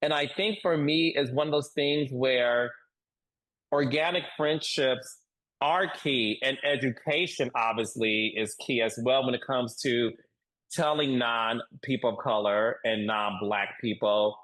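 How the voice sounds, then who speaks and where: A man talking as a guest on a podcast interview, emphatic and animated, repeating points for stress. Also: mid-range voice, unhurried, low-quality recording. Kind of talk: casual interview chat.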